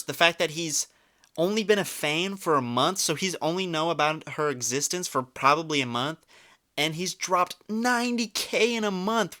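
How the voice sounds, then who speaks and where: A man's voice: high voice, sharp tone. A young man doing reaction commentary, incredulous and mocking, swearing often as he talks. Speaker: commentary YouTuber.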